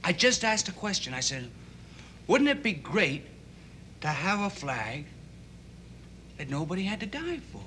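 An earnest, idealistic teenage boy in a 1960s TV drama, his voice high, bright and lively. He rambles and stumbles through his thoughts with constant restarts. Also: slight background noise, exaggerated voice. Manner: halting and rambling, full of restarts.

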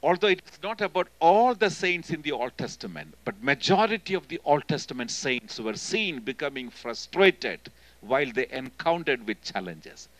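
A man with an Indian accent preaching a sermon in church as a guest speaker, emphatic and swinging between loud and hushed delivery. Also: fairly high pitch, very animated, normal speed, low-quality recording. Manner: emphatic, often calling "hello?" to the congregation.

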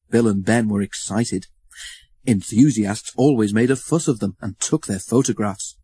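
A man reading a children's storybook aloud, expressive and acting out the story. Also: lowish voice, moderate pace, breathy edge, dry recording. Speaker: narrator.

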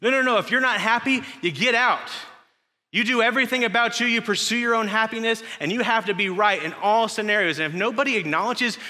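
A man's voice: high voice, a little fast, sharp tone, voice pushed up. A man putting on a sarcastic voice that mocks a self-centered world, in an echoey church hall. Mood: mocking.

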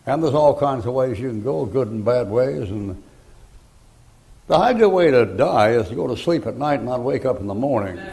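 An older man preaching a sermon, telling folksy stories between loud bursts of preaching. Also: mid-range voice, animated, normal speed, creaky.

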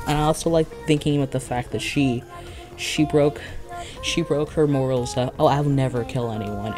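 A video creator chatting casually about their own videos, rambling and giddy with frequent restarts and laughs, while having a headache. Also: mid-range voice. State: has a headache. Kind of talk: casual vlog commentary.

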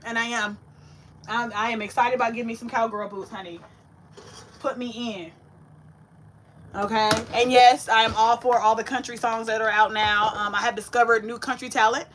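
A woman hosting a cooking livestream from her home kitchen, chatting with viewers in an animated, sassy way. Her voice sits high and sounds bright and forceful. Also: normal speed, slight background noise. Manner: chatty, animated, talks to viewers, sassy Southern-flavored slang. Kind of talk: casual livestream chat while cooking. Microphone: ring light setup.

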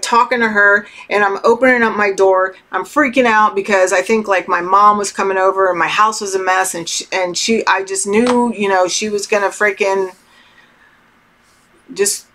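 A middle-aged woman giving casual spiritual advice to her viewers, talking slowly and candidly with many fillers and some swearing. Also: medium pitch, fairly bright tone. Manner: candid, loose and swears freely; slow, meandering talk with many fillers. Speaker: tarot channel host.

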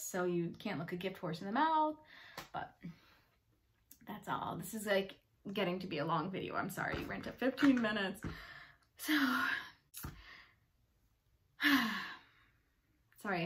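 A woman's voice: medium pitch, a bit bright. A woman giving a casual tarot reading, chatty and bubbly, rambling with fillers and playful asides. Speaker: tarot reader.

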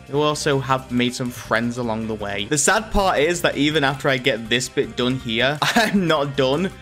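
A man's voice: a little high, a bit bright. A man giving casual, rambling, self-mocking commentary while playing a video game. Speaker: gaming video host.

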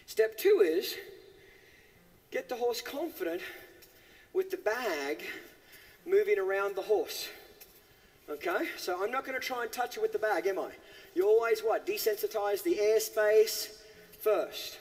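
High-voiced man teaching horse handling. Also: animated, unhurried, pauses often, darkish tone, in a large hall. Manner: asks the audience questions, keeps saying okay. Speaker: horse trainer. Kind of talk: live teaching demonstration. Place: horse arena.

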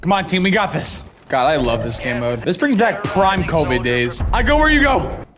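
A young man giving casual, crude, jokey commentary over his gameplay, yelping and shouting as he plays. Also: a little high, moderate pace, over music. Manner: loud, excitable, crude, jokey, yelps and shouts. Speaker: gaming video creator. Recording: game gunfire loud behind voice. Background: loud game gunfire.

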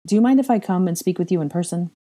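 A woman's voice: on the low side, racing, warm tone, lightly acted. A woman reading as a stiff, guarded young wizard.

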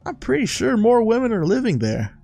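A man voicing a gossipy old woman neighbor with a gruff, old-man sort of voice. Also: very high-pitched, very animated, a little fast, dark tone, no echo, soft background music, pitched above the performer's own voice, exaggerated voice. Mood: gossiping.

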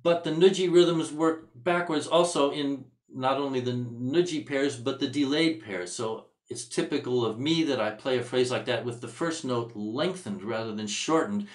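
A man giving a music workshop lesson, explaining in a thoughtful, searching way. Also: mid-range voice. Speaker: music teacher. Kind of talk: instructional workshop lecture. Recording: echoey room sound.

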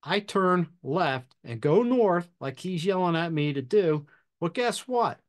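A man hosting a podcast, telling a fire service story in a measured, deliberate way with pauses. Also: high-pitched, animated. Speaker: podcast host and fire officer instructor. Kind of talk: storytelling anecdote.

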